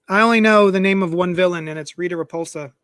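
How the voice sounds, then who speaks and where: A man with a fairly high voice hosts a live comic unboxing, chatting animatedly and poking fun at himself. His desk microphone picks him up close and dry, with little room sound. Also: fast, no room sound. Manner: chatty, animated, self-mocking asides. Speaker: comic shop host.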